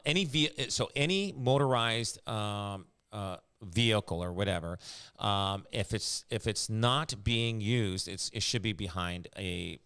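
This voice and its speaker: A man's voice: on the low side, a bit bright, smooth. Rambling chatty man. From Canada. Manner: rambling, many fillers and restarts, laughs often. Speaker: realtor podcast host. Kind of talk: casual chat.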